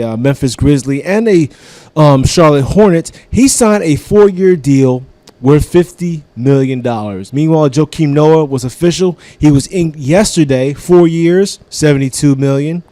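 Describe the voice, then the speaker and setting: A man's voice: on the high side, moderate pace, warm tone, dry recording. A man hosting a comedy radio show, giving a casual, profane sports rant like a devoted fan.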